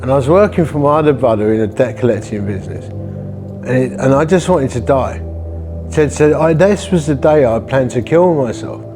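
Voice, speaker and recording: A church-planting vicar tells a personal testimony story in a conversational, vivid style, acting out the different voices. His voice is medium-pitched at a normal speed, with music playing underneath.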